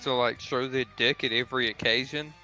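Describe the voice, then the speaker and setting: A man's voice: medium pitch, fairly even intonation, brisk, bright, forceful tone, soft background music, rough recording. A young man co-hosting a casual boxing podcast, laid-back and crude, laughing easily. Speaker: podcast co-host.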